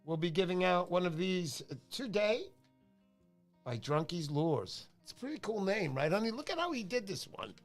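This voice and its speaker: A man's voice: sits high, big pitch swings, normal speed, faint music behind. A middle-aged man hosting a casual livestream, joking and greeting viewers by name. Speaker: livestream host.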